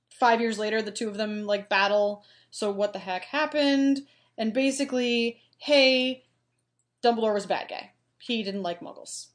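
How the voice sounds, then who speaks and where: A woman co-hosting a podcast, chatting casually about a book, loose and full of fillers. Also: on the high side. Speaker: podcast co-host. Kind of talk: casual book-discussion chat.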